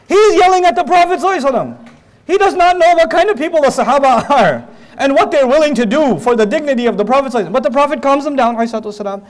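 High-voiced guy giving a lively joking religious talk, laughs a lot. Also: rapid-fire. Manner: animated, joking, laughs often. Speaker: Islamic lecturer. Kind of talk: storytelling religious lecture.

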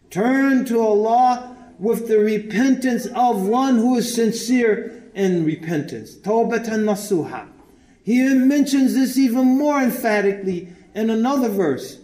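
A man's voice: very high-pitched, expressive, a little slow, a little mellow. A man preaching a sermon, emphatic, posing rhetorical questions to his congregation and reciting scripture in Arabic before translating it. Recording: echoey room.

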